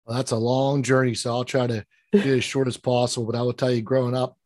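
A man's voice: medium pitch, little pitch movement, quick pace, a little mellow, no echo. A man with a Pittsburgh accent talks as a guest in an interview, earnest and a bit rambling, often restarting his sentences. His voice sits in an average range and sounds dry and close, with no room around it. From Pittsburgh, Western Pennsylvania. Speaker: financial planner, guest. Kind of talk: interview conversation.

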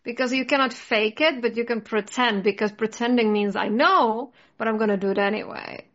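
A woman's voice: on the high side, moderate pace. Woman, casual chat, rambling, lots of fillers, slightly dull recording. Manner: rambling, filler-heavy, animated.

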